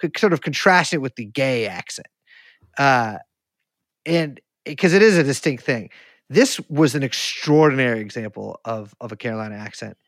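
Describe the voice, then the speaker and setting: A woman's voice: very deep voice, animated, normal speed, no room sound, studio quality. Rambling, foul-mouthed woman podcast host. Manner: profane, rambling, bursts into mock accents. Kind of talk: casual comedic chat.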